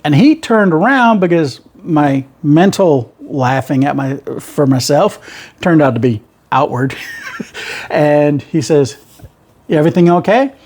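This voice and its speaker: Telling trucking stories for his channel, a middle-aged man with a rural Southern accent rambles along in a folksy, casual monologue. He talks slowly yet animatedly, his voice on the high side with a darkish tone.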